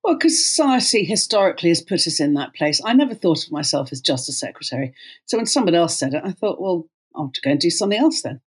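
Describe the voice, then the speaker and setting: A woman's voice: fairly low pitch, quick pace, husky. Chatty middle-aged woman telling stories. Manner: animated, with frequent fillers and restarts. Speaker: guest, company co-founder. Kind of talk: conversational storytelling.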